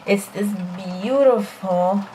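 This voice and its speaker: A young woman talks casually through her makeup routine, rambling and self-deprecating with plenty of fillers. Her voice sits at a middle pitch, and a faint hiss of background noise runs under it. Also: takes it slowly, dark tone. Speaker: beauty vlogger. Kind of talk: casual makeup tutorial chat.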